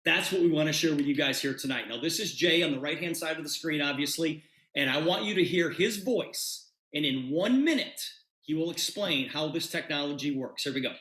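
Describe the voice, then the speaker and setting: A man's voice: fairly high pitch, a little fast. A man giving a sales presentation, telling a story and acting out both sides of a conversation. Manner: animated, acts out quoted dialogue. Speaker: presenter pitching a business opportunity. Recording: roomy echo.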